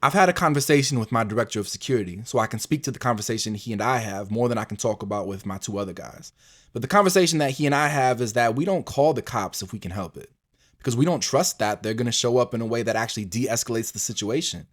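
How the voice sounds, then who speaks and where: A man who runs a business, speaking in an interview. He talks quickly and emphatically, with a frustrated edge. His voice stays in a middle pitch. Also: lively intonation. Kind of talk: recorded interview clip.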